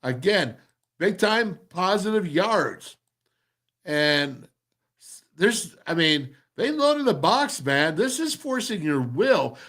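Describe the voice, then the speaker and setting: A man with a fairly high-pitched voice talks through football film like a coach at the whiteboard. He is animated and emphatic, repeating phrases and pushing his points hard as the clips roll. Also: slow pace. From former offensive lineman. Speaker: football show host breaking down game film. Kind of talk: excited film-breakdown commentary.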